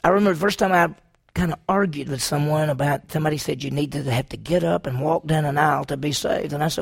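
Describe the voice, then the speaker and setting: A man's voice: on the high side, quick pace, vocal fry, slightly rough. A man preaching a sermon, driving his points home with repeated rhetorical questions to the congregation. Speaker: pastor.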